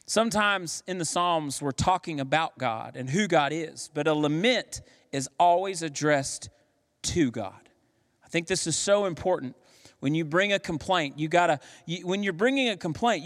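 A man's voice: sits high, a bit bright. A man preaching a sermon as pastor, emphatic and given to rhetorical questions. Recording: long reverb of a large hall.

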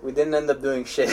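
A man's voice: medium pitch, very noisy. A young man co-hosting a casual podcast, telling school stories in a rambling way, with many restarts and swearing, and laughing at his own tales. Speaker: podcast co-host. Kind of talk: casual chat.

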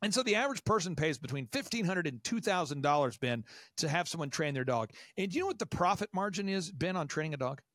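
An American man in his forties, talking fast and animatedly as he gives business advice. His voice sits a bit high for a man and is recorded very dry, with no room sound behind it. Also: no room sound. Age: 40s. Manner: animated, acts out quoted voices. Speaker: podcast guest. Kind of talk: enthusiastic business advice talk.

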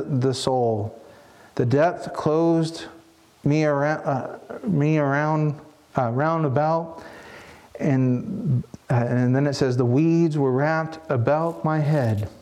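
Man, preacher, sermon, earnest and reflective, mellow voice, slightly high pitch. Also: fairly even intonation, slow. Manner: earnest, reflective, with frequent restarts.

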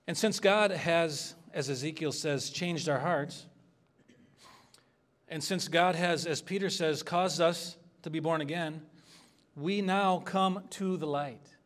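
A man's voice: fairly high pitch, unhurried, a bit bright. A man preaching an expository sermon as a pastor, earnest and conversational, asking the congregation for responses.

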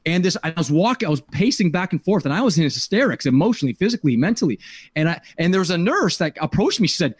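A middle-aged man with a slightly high voice tells a personal story on his podcast. He speaks earnestly and with emotion, stumbling and repeating words as he goes. The sound is dry and close, with no room echo. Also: big pitch swings, quick pace, husky. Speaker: podcast host.

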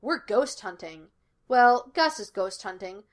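A woman reading the lines of a cocky, quick-witted young male detective in a fan fiction podfic. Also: mid-range voice, lively intonation, natural voice. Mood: teasing. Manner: breezy and teasing.

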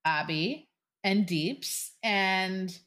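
A woman co-hosting a podcast in casual chat, emphatic and quick to repeat her points and laugh. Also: mid-range voice, fairly bright tone. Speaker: podcast co-host.

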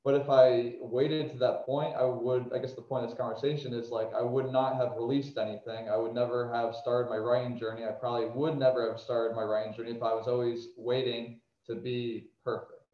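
Smooth-voiced man in an echoey, muffled room. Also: mid-range voice, little pitch movement, fairly quick, hardly any pauses. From New Jersey. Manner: rambling and reflective, many restarts. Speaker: author and podcast guest. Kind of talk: casual conversation.

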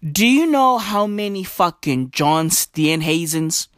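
A young South African woman doing profane, animated stand-up comedy full of slang. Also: lowish voice, takes it slowly, no echo, studio quality.

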